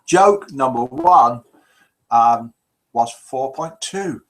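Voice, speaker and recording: Lively jokey host over fifty. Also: male voice, mid-range voice, very slow. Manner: jokey, reads out viewer messages. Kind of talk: live call-in show banter.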